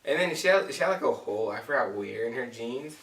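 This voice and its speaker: A young man co-hosting a couple's channel, telling their story in a joking, mock-dramatic way, often trailing off softly. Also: mid-range voice, animated, quick pace. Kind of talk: casual storytelling chat. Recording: echoey room, far from mic.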